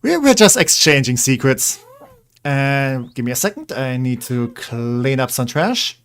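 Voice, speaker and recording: A man's voice: medium pitch, very animated, a little slow, fairly bright tone, clean tone. A man casually chatting while streaming a building game, rambling and coaxing his in-game pets along. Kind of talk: casual gameplay commentary.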